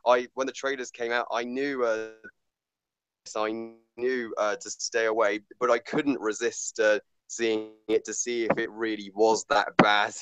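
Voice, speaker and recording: A man reviewing a movie in casual chat, halting with many fillers and restarts, blunt and swearing. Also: fairly low pitch, level tone, poor audio.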